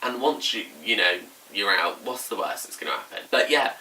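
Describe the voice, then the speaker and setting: Young man vlogging, chatty and expressive, acts out quotes; slightly distant mic with faint noise. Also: lowish voice, moderate pace, creaky. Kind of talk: casual storytelling to camera.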